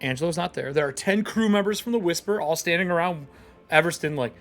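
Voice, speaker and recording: A man's voice: a little high, fast, fairly bright tone, soft background music. A man running a tabletop game as game master, narrating casually, swearing freely and laughing as he talks.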